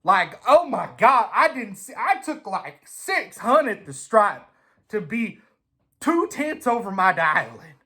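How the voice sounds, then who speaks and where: A man telling a casual, swear-filled story in an animated way. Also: high-pitched, slow. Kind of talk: casual anecdote.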